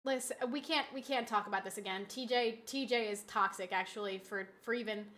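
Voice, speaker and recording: A woman streaming a game live, bantering playfully with chat and reacting quickly to the action. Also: mid-range voice, a bit bright.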